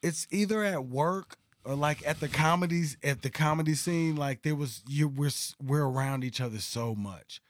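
A man's voice: a little high, normal speed, few pauses, no room sound. A man from Dallas chatting casually, telling loose profane stories with frequent laughs and playful voice impressions. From Dallas, Texas. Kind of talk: casual chat.

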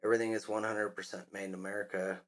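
A man's voice: lowish voice, little pitch movement, fast talker. A man hosting a commentary podcast, talking in a scornful, mocking way. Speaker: podcast host.

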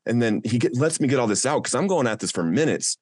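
A man's voice: medium pitch, animated, fast talker, darkish tone, no echo, clean studio sound. A man telling his own recovery story in an earnest, emotional way. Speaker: speaker sharing a recovery testimony. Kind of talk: personal testimony talk.

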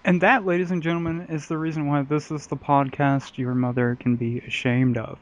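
A man's voice: a little high, steady tone, brisk, no echo. A man hosting a casual podcast, joking and profane and often mocking himself. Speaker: podcast host. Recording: dull dry lo-fi mic.

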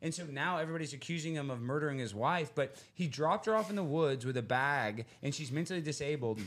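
A man guest on a podcast, talking excitedly and rambling through a story with loud bursts. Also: on the high side, quick pace.

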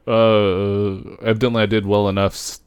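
Young male co-host, low voice, relaxed and halting, dry sound. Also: clean tone, no echo. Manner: laid-back, hesitant, many fillers. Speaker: podcast co-host. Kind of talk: casual chat.

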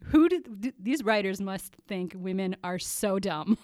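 A woman's voice: mid-range voice, animated, a little slow, darkish tone, dry recording, studio quality. A woman co-hosting a podcast, chatting casually about a TV episode in a wry, teasing way and laughing often. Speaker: podcast co-host. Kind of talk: casual chat recapping a TV episode.

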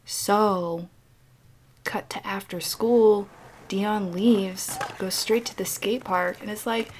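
A woman hosting a podcast, retelling a story in a lively, chatty way and acting out the characters' lines. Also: mid-range voice. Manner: animated retelling, acting out the kids' lines in quick bits. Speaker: podcast host. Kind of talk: casual podcast recap.

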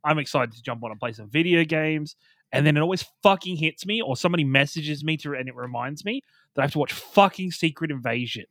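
Bright-voiced man ranting with heavy swearing. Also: on the high side, lively intonation, fast, no echo. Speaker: podcast co-host. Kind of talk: casual podcast review chat.

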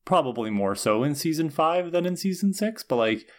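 A man's voice: on the high side, expressive, moderate pace. A man co-hosting a casual podcast, talking thoughtfully with some hesitant restarts. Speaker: podcast co-host. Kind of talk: casual discussion.

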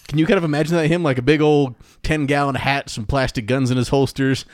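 A man's voice: mid-range voice, fairly even intonation, a little fast, no echo, clean studio sound. A man co-hosting a podcast, chatting casually, joking and laughing as he reads out facts. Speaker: podcast co-host. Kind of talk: casual chat.

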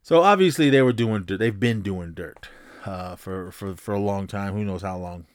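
A man's voice: lowish voice, moderate pace, clear, resonant tone, no room sound. Casual man recapping a film. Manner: rambling, frequent restarts and profanity. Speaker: podcast host.

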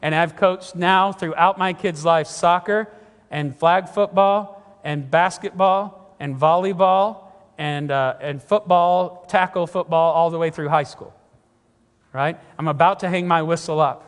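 High-voiced preacher in a reverberant hall. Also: male voice, measured pace. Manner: earnest, emphatic preaching, often repeats himself. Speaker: pastor. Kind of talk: sermon.

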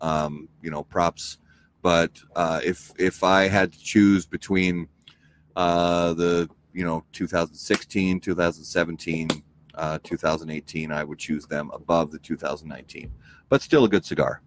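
A man co-hosting a podcast in casual chat, relaxed and rambling with many fillers. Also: low-pitched, moderate pace, noisy background. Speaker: podcast co-host.

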